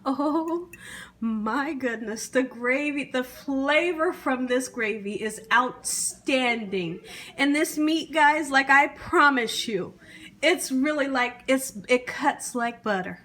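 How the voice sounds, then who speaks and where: Slow-talking woman savoring her cooking. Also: sits high. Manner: savoring with long humming "mm"s, drawn-out and slow; slips into an excited whisper. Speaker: cooking channel host. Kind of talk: casual cooking vlog, tasting on camera.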